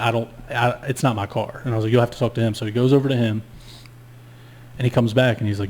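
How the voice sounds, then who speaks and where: An animated storyteller, this man swears easily and slips into the voices of everyone in his tale. His pitch sits right in the middle for a man. A faint hum of noise runs under his speech. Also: fast. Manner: animated, profane, acts out both sides of dialogue. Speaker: podcast co-host. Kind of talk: casual storytelling chat.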